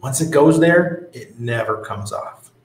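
A man's voice: medium pitch, lively intonation, a little slow, reverberant, poor audio. A man hosting a casual livestream, reading out viewer comments and telling stories in a blunt, profane way. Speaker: crypto livestream host.

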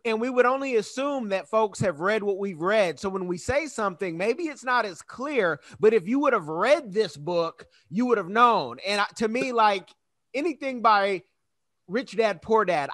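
A man's voice: high voice, expressive, moderate pace, a bit bright, no room sound, clean studio sound. A man hosting a podcast, chatting casually with a guest and laughing easily. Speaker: podcast host. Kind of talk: casual interview chat.

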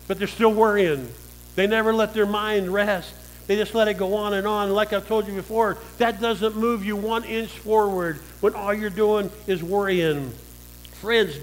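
A man's voice: high-pitched, a little hiss or hum, low-quality recording. A male pastor preaching a sermon, calling out to the church and asking them for an amen. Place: church sanctuary.

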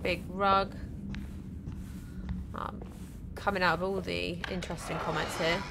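A woman's voice: fairly low pitch, little pitch movement, unhurried, gravelly, background noise. A woman chatting casually as she plays a horror game, joking with herself. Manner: chatty, self-mocking. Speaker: gameplay streamer. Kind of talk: casual let's-play commentary.

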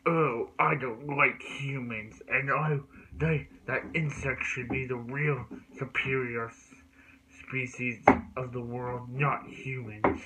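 A man's voice: medium pitch, fairly even intonation, takes it slowly, noisy background, lightly acted. A man putting on a grandiose cockroach villain. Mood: menacing. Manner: grandiose threats. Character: scheming male cockroach villain, hates humans.

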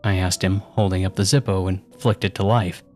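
A man's voice: low-pitched, steady tone, a little fast, darkish tone, faint music behind. A man narrating a first-person horror story with a casual, sarcastic tone.

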